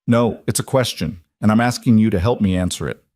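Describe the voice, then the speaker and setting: A man's voice: on the low side, a little fast, darkish tone, dry recording, clean studio sound, close to an everyday voice. A man reading a weary, blunt female detective. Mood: pressing.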